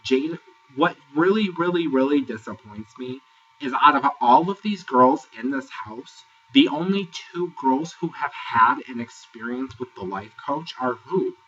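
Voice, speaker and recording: A man giving a sassy, exasperated casual review, ranting and sometimes mocking people in high put-on voices. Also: animated, unhurried, bright, forceful tone, distant mic. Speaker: reality TV reviewer. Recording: dull, lo-fi, voice set back from the mic.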